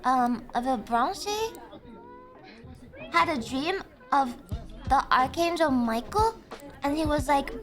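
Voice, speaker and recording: A very high, bright-sounding Irish woman chats on a live stream, giggling often and trading quick, cheeky banter with her viewers. She swears freely and keeps a loose, playful tour-guide act going. Soft music hums faintly underneath. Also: animated. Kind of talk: casual live-stream chat.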